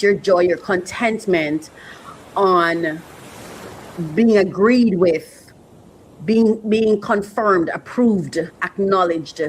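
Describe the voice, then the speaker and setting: A woman's voice: medium pitch, a little hiss or hum, rough recording. A woman hosting a podcast, talking earnestly and reflectively, often repeating herself and getting emotional. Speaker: podcast host.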